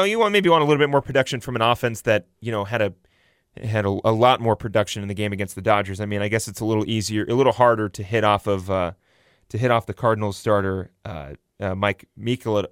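Young male sports podcaster, loose and rambling, clear resonant tone, dry close-miked. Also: fairly low pitch, quick pace, no room sound. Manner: rambling, self-correcting, frequent fillers and restarts. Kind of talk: casual baseball commentary.

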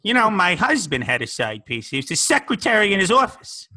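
A man doing a gossipy older lady who drags out her words in a high, theatrical falsetto. The pitch swoops about and the tone comes out bright. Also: sing-song, a little fast, heavily acted. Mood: mock sinister. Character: older woman, gossipy and mock-sinister.

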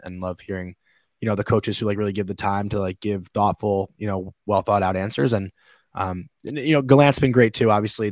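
Young man rambling in a dry low voice. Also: no echo. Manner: rambling, many fillers and restarts. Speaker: sports reporter, co-host. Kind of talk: casual sports chat. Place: home room.

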